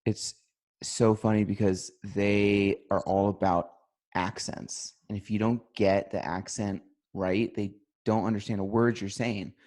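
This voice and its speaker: A man in casual podcast chat, telling anecdotes in an animated way and laughing often. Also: on the low side, unhurried. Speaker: podcast co-host.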